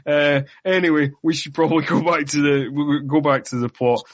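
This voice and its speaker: A Scottish man co-hosting a podcast and chatting casually about a film, animated and incredulous as he makes his points. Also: a little fast, no room sound, lo-fi sound. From Scotland. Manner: animated, incredulous, jumps up in pitch when making a point. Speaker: podcast co-host.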